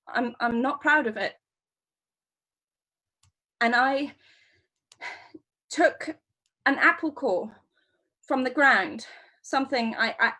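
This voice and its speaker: Scatterbrained, excitable bird-science student, high and rambling, as an actress improvises her. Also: full character voice. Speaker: improv performer. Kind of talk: improvised first-person storytelling. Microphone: video call.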